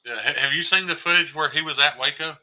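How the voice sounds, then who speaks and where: A man, a podcast guest joking in casual chat with deadpan irony. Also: a little high, fast talker, poor audio.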